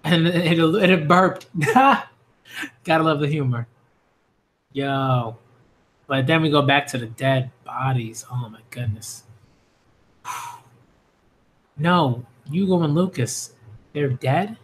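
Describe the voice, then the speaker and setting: Male manga reviewer, slightly high voice, reads panels aloud and cheers loudly during a live reaction. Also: slow, pauses often. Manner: excitable, reads panels aloud, shifts between cheering and hushed reading.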